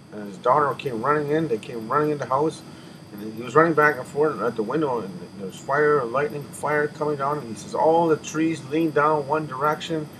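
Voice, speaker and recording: A man tells his testimony in an earnest, emotional way, stumbling over his words and repeating himself as he goes. His voice sits at an ordinary middle pitch, and he sighs between thoughts. A steady hiss of background noise runs under the recording. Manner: halting, with many restarts and repeated words; earnest and emotional, sighing and catching his breath. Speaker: person telling a spiritual testimony. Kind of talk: personal spoken testimony.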